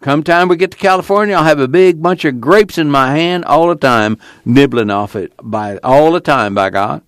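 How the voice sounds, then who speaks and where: A man's voice: fairly high pitch, animated, moderate pace, clear, resonant tone, no echo, clean studio sound, voice pushed up, lightly acted. A man reading aloud as a hungry, boisterous old farmer grandpa with a rural drawl. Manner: rural drawl, loud exclamations.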